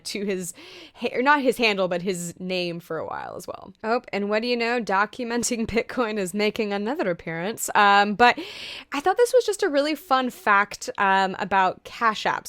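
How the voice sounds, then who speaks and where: A woman's voice: medium pitch, a bit bright, no room sound, clean studio sound. Chatty woman vlogging crypto news. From Canada and the US. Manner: chatty, upbeat, many fillers and asides. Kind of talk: casual news chat to camera.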